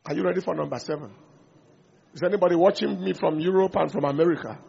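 Preacher, man, high gravelly voice, husky, on a dull lo-fi recording. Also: fast talker, darkish tone. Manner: preaching, engaging the congregation. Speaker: pastor. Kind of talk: sermon.

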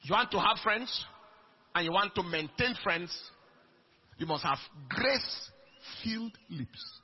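A man preaching a sermon in an emphatic way, swinging between soft lines and shouted ones. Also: sits high, animated, takes it slowly. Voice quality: raspy, gravelly. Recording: dull lo-fi recording.

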